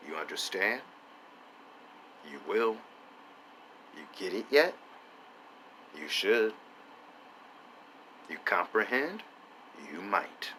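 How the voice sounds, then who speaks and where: A man's voice: lowish voice, very animated, extremely slow, pauses often, slight background noise, low-quality recording. A man doing gameplay commentary, rambling in absurd stream-of-consciousness musings full of rhetorical questions. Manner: rhetorical questions, drops to a whisper at times. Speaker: let's play commentator. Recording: loud music under the voice. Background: loud music.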